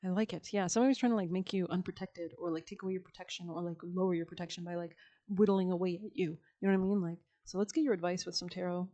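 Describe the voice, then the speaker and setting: Mellow-voiced woman reading tarot casually. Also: on the low side, fairly even intonation, fast talker, highs cut off. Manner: chatty, slangy, laughs often, many fillers. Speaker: tarot reader.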